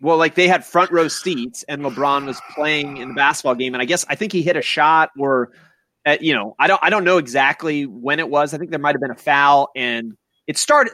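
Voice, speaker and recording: A man's voice: on the high side, bright, forceful tone, dry recording. A man hosting a podcast in casual, profane, rambling chat. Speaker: podcast host.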